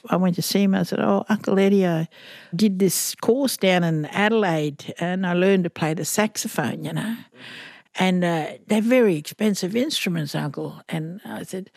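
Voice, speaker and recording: An older Australian woman from northern Queensland, a musician appearing as an interview guest, tells an animated story and acts out the voices of its characters. Her voice is lowish with vocal fry and a normal pace, recorded in clean studio quality with no room sound.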